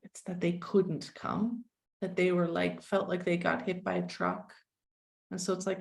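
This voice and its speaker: Woman, 40s, interview guest: lower register, gravelly texture, frank and self-deprecating. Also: flat delivery, measured pace. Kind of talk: candid conversational storytelling.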